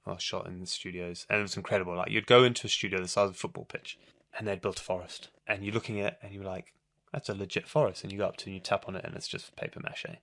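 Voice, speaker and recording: Middle-aged male guest, from Zimbabwe, lively storyteller, forceful tone. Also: low-pitched, rapid-fire, creaky. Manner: chatty, animated anecdotes with acted-out quotes. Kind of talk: casual storytelling in conversation.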